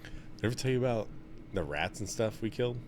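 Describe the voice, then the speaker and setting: A young man in casual podcast chat, telling stories with lots of swearing and getting loud when he's excited. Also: fast talker, background noise. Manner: animated, swears a lot, gets loud and high when excited. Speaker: podcast co-host.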